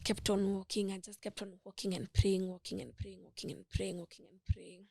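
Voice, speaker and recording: A young woman with a Kenyan accent, a guest in an interview, telling a personal story in an emotional, halting way with many restarts. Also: mid-range voice, little pitch movement, vocal fry, a little mellow, breathy edge. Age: young adult.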